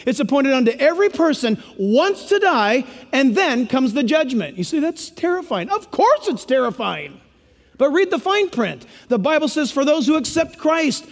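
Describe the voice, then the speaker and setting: A man preaching a sermon in an animated way, acting out quoted voices for humor. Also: very high-pitched, long reverb tail.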